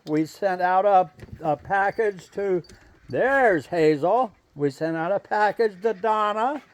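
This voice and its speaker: A man with a strikingly high voice, talking slowly and unhurriedly. He chats casually to the camera and coaxes his pet goose in a gentle, patient way. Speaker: vlogger and pet goose owner. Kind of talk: casual chat to camera and pets.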